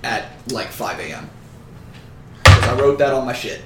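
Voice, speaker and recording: A man's voice: medium pitch, animated, moderate pace, heavy background noise. A man casually narrating as game master of a tabletop game, joking with his players, recorded on a distant shared mic in an echoey room.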